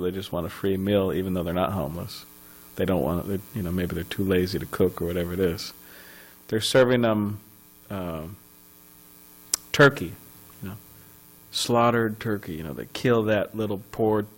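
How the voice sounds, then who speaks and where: Guy with a lowish voice teaching a temple class, chatty, laughs a bit, faint hum behind. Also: low-quality recording. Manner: casual, conversational, with chuckles and asides. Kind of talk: scripture class talk. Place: temple ashram.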